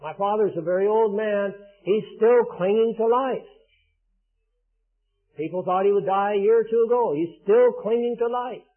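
A man's voice: high voice, moderate pace. Earnest older male preacher, tinny sound. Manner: earnest, emphatic, rising to loud declarations. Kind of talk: sermon. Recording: tinny phone-like band.

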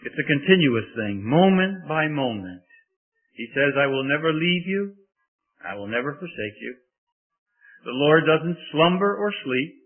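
A man preaching a sermon slowly and deliberately, building to emphatic peaks on key phrases. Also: fairly high pitch. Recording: tinny phone-like sermon recording.

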